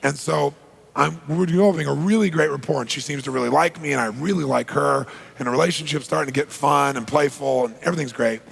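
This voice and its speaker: A man's voice: a little high, fast talker, vocal fry, big-room sound. A man giving a motivational seminar talk, telling stories and quizzing the audience. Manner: storytelling, asks the audience questions. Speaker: seminar speaker.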